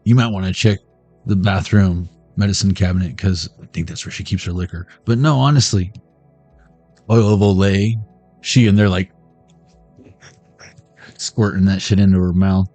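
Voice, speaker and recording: A man's voice: deep voice, a little mellow. A middle-aged man giving a casual, joking card reading to his viewers, riffing on pop-culture references as he goes. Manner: playful, riffing jokes and pop-culture asides. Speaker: card reader streaming to viewers.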